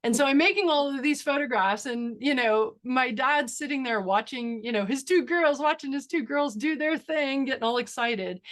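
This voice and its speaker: A woman's voice: high voice, moderate pace. A woman photographer and workshop instructor giving a webinar presentation and answering questions, talking enthusiastically with lots of fillers and laughter. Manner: enthusiastic, animated storytelling with frequent fillers and laughs. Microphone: video call.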